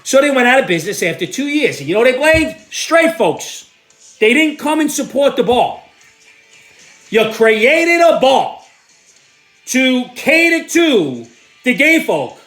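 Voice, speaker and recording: A man hosting a vlog, giving sarcastic, exasperated political commentary that bursts into shouting. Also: extremely high pitch, very animated, measured pace, soft background music. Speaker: host.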